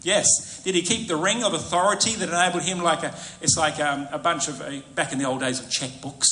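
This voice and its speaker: A male pastor delivers a lively sermon and keeps questioning his listeners. His voice sits a little high and sounds bright and forceful. It rings through an echoey church hall over a faint murmur of room sound. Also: brisk. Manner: animated, asks the congregation questions.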